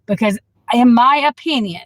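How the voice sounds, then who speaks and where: A woman tarot reader chatting casually to her livestream viewers, blunt and outspoken, swearing freely and quick to flare up at the chat. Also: fairly high pitch, animated, no room sound, low-quality recording.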